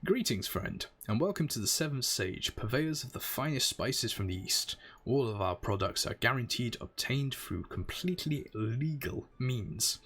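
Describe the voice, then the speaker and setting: A man's voice: medium pitch, animated, normal speed, a bit bright, slightly rough. A man voicing a sly, courteous male elf spice merchant, reading game dialogue aloud.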